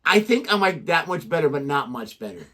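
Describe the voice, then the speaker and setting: Rambling man with a lively voice. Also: a little high, brisk. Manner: rambling, self-deprecating. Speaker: reaction show co-host. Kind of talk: casual reaction chat.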